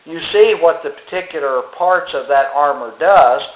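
A man preaches in a plain, conversational way, slowing down to lean on key words when he reads scripture. His voice sits a touch high for a man. The sound is roomy, with the echo of a church sanctuary. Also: slight background noise. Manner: plain-spoken, reads scripture slowly with emphasis. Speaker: pastor. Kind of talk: sermon.

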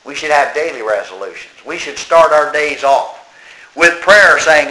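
A man preaching a sermon, slow and emphatic, reciting verse and scripture and mimicking people mockingly. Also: fairly high pitch, bright, forceful tone. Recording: echoey room.

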